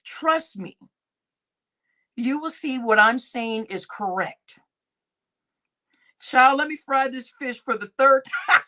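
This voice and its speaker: A woman commentator talks through online drama in an unhurried, drawn-out way. Her high voice swoops up and down as she laughs at her own remarks, swears casually and circles back to repeat her points. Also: expressive, sharp tone. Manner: laughs often, swears freely, repeats phrases. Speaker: YouTube commentator.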